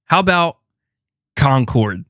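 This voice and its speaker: A man doing casual live-stream commentary on gaming news, animated and slangy, laughing often and acting out mock exchanges. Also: mid-range voice, takes it slowly, no room sound, studio quality.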